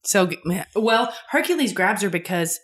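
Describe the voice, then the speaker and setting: A woman's voice: medium pitch, animated, measured pace, a bit bright. A woman co-hosting a casual recap chat, trading dry quips and telling storytelling asides. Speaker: podcast co-host.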